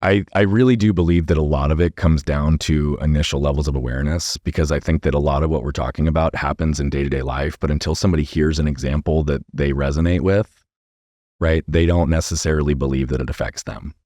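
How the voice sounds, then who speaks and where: A middle-aged man with a low voice tells a personal story as a podcast guest, earnest and animated, tagging his points with "right?". The sound is dry and close. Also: quick pace, dry recording.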